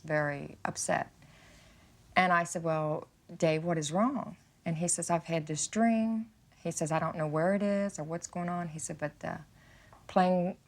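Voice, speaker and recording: Interviewee, woman, very low voice, plain conversational retelling. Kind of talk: recounting a personal experience.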